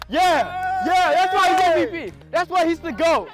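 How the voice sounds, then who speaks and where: A young man with a very high voice argues the rules and teases his teammates on an outdoor court. He is picked up by a far camera, with clear music behind him. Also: sing-song, moderate pace. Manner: argumentative, teasing trash talk. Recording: distant outdoor audio with music.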